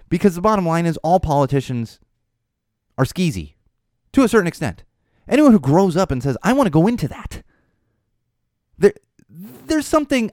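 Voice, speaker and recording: Young male podcast host, casual wry monologue, smooth voice, dry close recording. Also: medium pitch, dry recording. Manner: rambling, wry, animated, swears casually.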